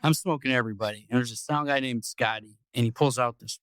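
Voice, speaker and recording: A man's voice: medium pitch, fast, a bit bright, clear, resonant tone, no echo. Rambling, profane male podcast host. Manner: rambling, profane, repeats words. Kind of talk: casual storytelling.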